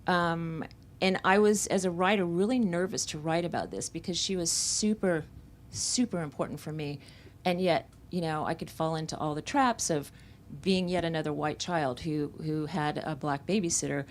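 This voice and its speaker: A woman's voice: sits low, moderate pace, a little hiss or hum. A woman from Central Florida, an author at a bookstore event, telling candid, reflective stories about her memoir. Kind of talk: conversational book talk.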